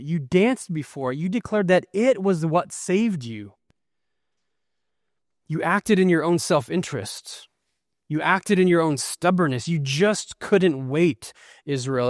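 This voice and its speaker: A man's voice: fairly high pitch, expressive, a little slow, dry recording, studio quality, voice pushed up. A preacher speaking as an aged prophet who sternly rebukes his stubborn people, in an accusing, emphatic voice. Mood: rebuking.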